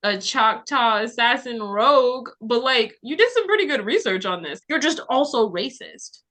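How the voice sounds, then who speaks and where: A woman's voice: on the high side, animated, moderate pace, a bit bright. A young woman hosting a podcast and running a tabletop game, chatting casually in a teasing, giggly manner. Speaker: podcast host, game master. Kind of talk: casual chat.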